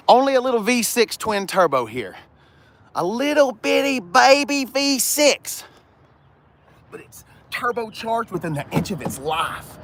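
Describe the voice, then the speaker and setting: There's a little background noise as a car vlogger from the American South talks in a high, somewhat bright voice. He keeps drifting off on tangents, joking and rambling through his casual car lot vlog.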